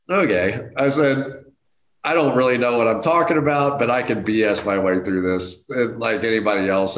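A middle-aged man telling a casual anecdote as a guest, self-deprecating and animated, jumping to high excited outbursts. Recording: roomy echo.

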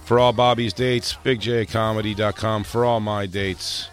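A man's voice: lowish voice, moderate pace, soft background music. A man hosting a comedy podcast, joking around in loose banter and reading plugs. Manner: joking, animated, reads ad plugs. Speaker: podcast host.

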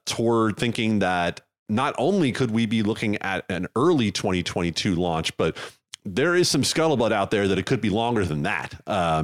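A man with a fairly low voice chats casually on a podcast. His pitch swings widely as he jokes and rambles, with lots of "uh" and "like" along the way. It is a relaxed co-host talk. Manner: rambling, joking, filler-heavy. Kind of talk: casual chat.

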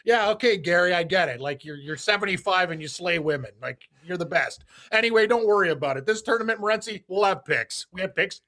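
A man co-hosting a casual sports show, blunt and joking, quick to agree. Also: high-pitched, bright, forceful tone. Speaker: co-host. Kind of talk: casual sports betting chat.

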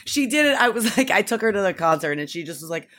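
A woman's voice: medium pitch, quick pace. A woman in her forties co-hosting a radio show, chatting and telling stories with plenty of exclamation. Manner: animated, exclamatory, storytelling. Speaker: radio co-host. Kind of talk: casual radio banter.

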